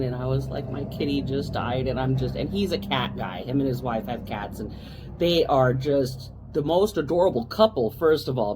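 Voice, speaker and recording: A woman's voice: a bass voice, mellow. Woman, podcast co-host, casual storytelling, rambling with restarts, faint hiss behind. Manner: rambling, with frequent restarts and asides.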